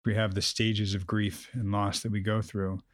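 A man's voice: fairly low pitch, little pitch movement, moderate pace, no room sound, studio quality. A man guiding a grieving guest in a direct, probing and emphatic way. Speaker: host, counselor. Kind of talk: therapeutic conversation.

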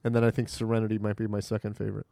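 Offhand deadpan man joking. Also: on the low side, very fast, vocal fry, no room sound. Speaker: podcast co-host. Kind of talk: casual banter.

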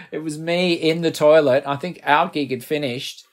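A man's voice: a little high, a little slow. A middle-aged man with an Australian accent, a guest musician telling rambling, self-deprecating stories in a casual interview.

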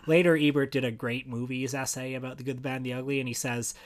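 A man's voice: mid-range voice, steady tone, quick pace. A man co-hosting a casual film podcast, talking in a wry, rambling way with dry jokes. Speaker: podcast co-host.

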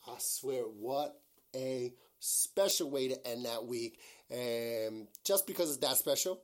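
A man in the middle of a casual solo podcast monologue, rambling freely and packing his speech with fillers. He sounds gushing and emotional, and his voice sits in an ordinary middle pitch. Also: takes it slowly. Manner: rambling, full of "like" and "you know". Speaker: podcast host.

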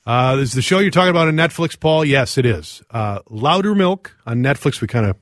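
A man co-hosts a radio show with playful, joking banter. His mid-pitched voice swings widely up and down, recorded close and dry on a studio mic. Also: lively intonation, brisk, no room sound. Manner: joking, plays with accents.

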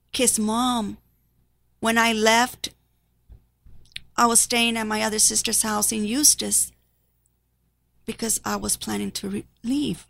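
A woman shares a personal testimony before an audience, her voice fairly high and edged with a gravelly fry. She speaks haltingly and with deep emotion, at times sinking almost to a whisper. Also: a bit bright. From Spanish-speaking background. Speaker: nurse.

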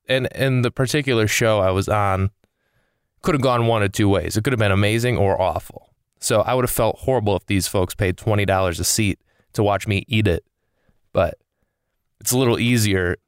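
A young man delivers a loose, rambling comic rant into a close microphone, swinging between exasperation and easygoing asides. His voice is smooth and resonant, and the recording is dry with no room sound around it. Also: fairly low pitch, animated, brisk, no echo. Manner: exasperated ranting, swearing, rambling. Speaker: comedian podcast host. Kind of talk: casual comedic monologue.

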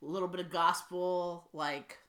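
A woman co-hosting a podcast, chatting casually and teasing her co-host with quick asides. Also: fairly low pitch, steady tone, a bit bright. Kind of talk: casual chat.

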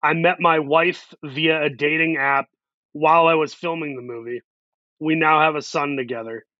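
Animated man telling a story. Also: a little high, no room sound. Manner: animated, acts out quotes in quick voices. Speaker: actor guest. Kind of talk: storytelling interview talk. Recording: dull lo-fi sound.

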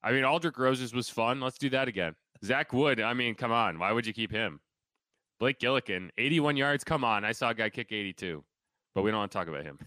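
A man co-hosting a casual sports podcast, talking fast and joking with a sarcastic streak. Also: mid-range voice, expressive, sharp tone, no room sound. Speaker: podcast co-host.

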